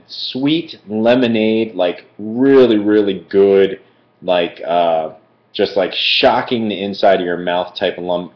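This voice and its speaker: A man from Philadelphia doing a casual live-stream food review, chatty and rambling, with many fillers and digressions. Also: low-pitched. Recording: echoey room, dull lo-fi stream audio.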